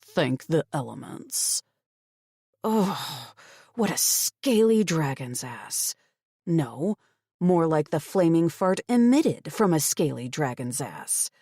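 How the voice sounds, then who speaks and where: Wry, expressive woman narrator for a first-person fantasy audiobook, close and dry. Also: deep voice, slow, slightly rough, dry recording.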